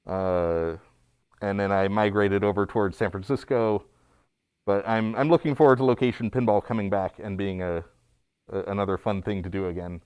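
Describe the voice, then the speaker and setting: Man, low pitch, smooth resonant voice, dry close sound, halting with fillers, casual stream chat. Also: steady tone, darkish tone, no echo, dull audio. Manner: hesitant, many fillers and restarts. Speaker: guest pinball technician. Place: small studio.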